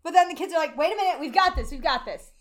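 A high-pitched woman co-hosting a casual podcast. She recaps a show in loose, sarcastic chat, swearing freely as she goes. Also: lively intonation, very fast. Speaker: podcast co-host.

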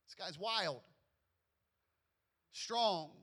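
A man's voice: high voice, extremely slow, fairly bright tone. A man pastor delivering a sermon, reading scripture and preaching in an emphatic, playful way.

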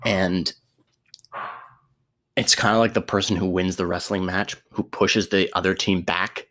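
A man's voice: low-pitched, fairly even intonation, unhurried, fairly bright tone. A young man telling a sports story casually, laughing often, swearing and restarting his sentences.

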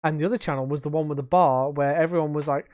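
Man telling animated pub stories. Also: fairly high pitch, fast, no echo, studio quality. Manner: animated storytelling, swearing, acting out quotes. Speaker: podcast host. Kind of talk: casual chat.

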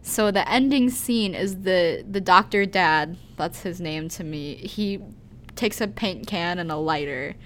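A woman co-hosting a podcast, telling a story in animated, giggly casual chat with lots of "like.". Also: on the low side, a little slow, a little hiss or hum. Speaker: podcast co-host.

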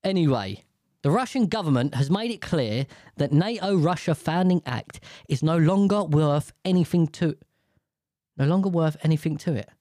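Guy swearing his way through a news article, dark mellow voice, dead dry sound. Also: on the high side, animated, moderate pace, no room sound. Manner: sweary, exasperated ranting; stumbles over hard words while reading aloud. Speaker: vlogger reading news. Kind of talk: casual reaction commentary.

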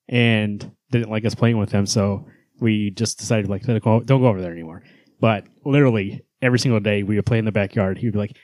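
Recorded cleanly in a studio without echo, a man in his thirties co-hosts a podcast in a mid-range voice. He chats loosely, laughs frequently and lets a curse slip here and there.

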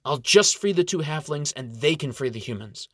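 A man's voice: a little high, lively intonation, moderate pace, a bit bright, no room sound, clean studio sound. A man voicing a young, idealistic male elf who speaks earnestly and with determination.

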